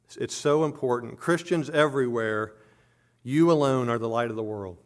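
A middle-aged man preaching a sermon earnestly, stumbling over repeated words and rising on emphatic points. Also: normal speed. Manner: earnest preaching with frequent word repetitions and restarts; rises in pitch and volume on emphatic points. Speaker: pastor.

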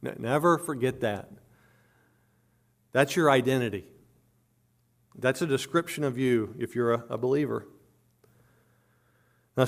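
A middle-aged man preaching a sermon earnestly, stumbling over repeated words and rising on emphatic points. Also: creaky. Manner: earnest preaching with frequent word repetitions and restarts; rises in pitch and volume on emphatic points. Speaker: pastor.

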